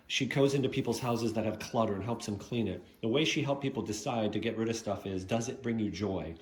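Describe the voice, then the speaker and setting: A man's voice: mid-range voice, a little mellow, echoey room, slight background noise. A man chatting casually about his shoe collection, rambling with lots of fillers and asides. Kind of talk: casual show-and-tell vlog.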